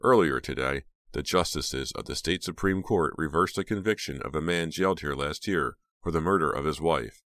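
A man voicing a male television reporter with a measured news delivery. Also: a bass voice, fairly bright tone, dry recording. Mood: formal. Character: composed male TV field reporter.

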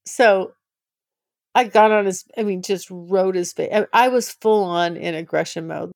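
A woman's voice: fairly low pitch, a little slow, gravelly, darkish tone, dry recording, studio quality. A woman hosting a podcast, frankly telling a personal story, gushing and laughing often. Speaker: podcast host.

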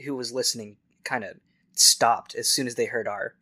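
A man playing a tabletop game with a bright, forward voice. He jokes around and swears casually. The recording is dry and close. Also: mid-range voice, steady tone, moderate pace, no room sound. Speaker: player.

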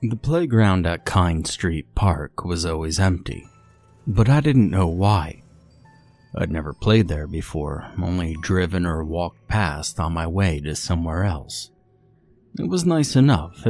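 A man with a very low, deep voice reads a creepy tale aloud. He keeps a calm, measured pace and lets each line settle before moving on. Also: soft background music. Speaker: narrator. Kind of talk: scripted horror story narration.

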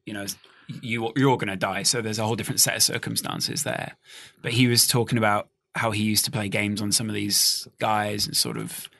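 A man's voice: lowish voice, level tone, a little fast, creaky, sharp tone, no echo. A man with a Geordie accent hosting a podcast, giving brief reactions and asking follow-up questions. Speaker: podcast host. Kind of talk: casual interview chat.

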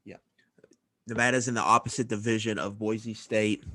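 A man's voice: lowish voice, flat delivery, normal speed, pushed and bright, no room sound, clean studio sound. A man co-hosting a casual college football podcast, running through his notes in a matter-of-fact way. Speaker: podcast co-host. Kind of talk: casual sports chat.

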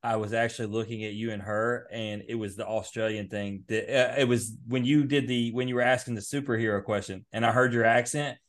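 A man with a fairly low voice co-hosts an interview. He tells a story in a laid-back, casual way and teases the other host. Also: steady tone, fairly quick, hardly any pauses. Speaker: podcast co-host. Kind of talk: casual chat.

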